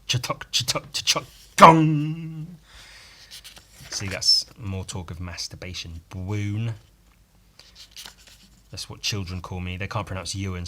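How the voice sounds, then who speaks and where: A man hosts a podcast solo, offering casual commentary in a low-pitched, slightly bright voice. He rambles sardonically, swearing frequently and tossing in self-mocking asides.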